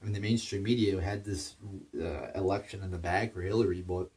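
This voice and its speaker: A man's voice: deep voice, brisk, darkish tone, recorded from a distance. A man delivering a heated, profane political rant, stumbling over his words and restarting as he goes. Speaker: political commentator.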